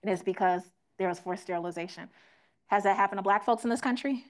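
A woman's voice: mid-range voice, fast talker. A young woman teaching a room, asking the audience questions and acting out quoted voices. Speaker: teach-in speaker. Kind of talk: interactive classroom lecture.

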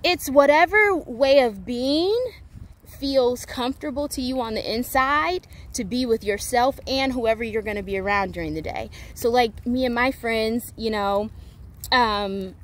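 A woman giving a casual spiritual talk, rambling with many fillers and restarts, playful and animated. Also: on the high side, measured pace. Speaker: spiritual teacher.

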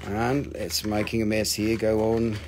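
A man's voice: fairly low pitch, little pitch movement, measured pace, darkish tone, slight background noise. A man hosting a live rock sale, rambling and joking, often forgetting names and swearing casually. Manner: forgetful, filler-heavy. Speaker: host selling rocks on a live stream. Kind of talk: casual live sales chat.

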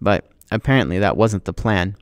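A man's voice: on the low side, moderate pace, no echo, clean studio sound. A man teacher reading a novel aloud to his class, acting out the dialogue with expression.

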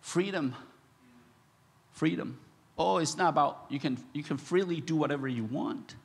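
A man pastor preaching a sermon, repeating his phrases and rising loud and high when impassioned. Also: brisk, vocal fry, husky. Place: church sanctuary. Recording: echoey church hall.

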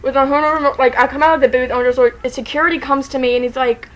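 A woman telling a story to the camera in a casual vlog, excited and rambling, saying "like" constantly and laughing often. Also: sits high, racing, poor audio. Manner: excited, rambling, heavy use of "like", frequent laughter.

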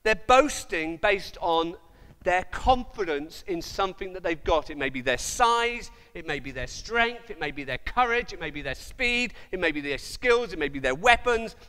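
A man preaching a sermon as pastor in a church, animated and jokey, putting on quoted voices. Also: high voice, moderate pace, clean tone, in a large hall. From Wales.

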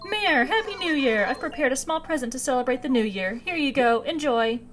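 Perky female dog secretary from a cozy game, read by a woman; high and bright, faint music. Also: lively intonation, brisk. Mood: cheerful. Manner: reading game dialogue aloud, upbeat.

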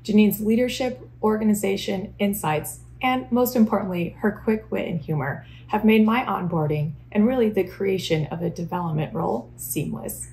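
A woman's voice: mid-range voice, moderate pace, creaky, hardly any pauses, a little hiss or hum, rough recording. A woman who works as a director of development records a polished, formal tribute message. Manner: polished, warm-worded, formal.

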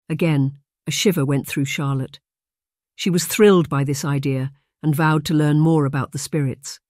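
An audiobook narrator reading a historical romance in an even, measured way. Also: mid-range voice, no echo, clean studio sound. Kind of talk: scripted narration.

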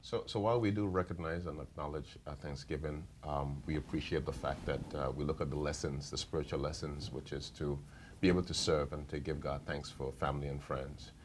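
A man's voice: extremely low pitch, steady tone, a little fast, slight background noise. A man, a pastor, speaking as a guest on a TV panel discussion, hesitant, with many fillers and restarts. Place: TV studio.

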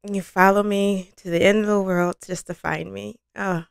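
A woman's voice: mid-range voice, little pitch movement, normal speed, vocal fry, smooth, no room sound, clean studio sound. A woman hosting a music reaction video, gushing and giggling as she chats to her viewers. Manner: effusive and giggly, talks to viewers. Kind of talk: casual reaction chat.

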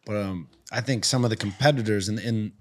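A man's voice: on the low side, a little fast. A man hosting a podcast, talking in long rambling runs with frequent restarts. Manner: rambling, restarts often, animated storytelling. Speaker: podcast host. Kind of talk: casual podcast chat.

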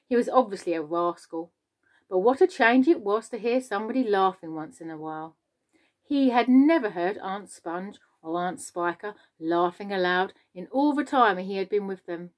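A woman, a teacher, reading a children's book aloud with expressive storytelling. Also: mid-range voice, moderate pace.

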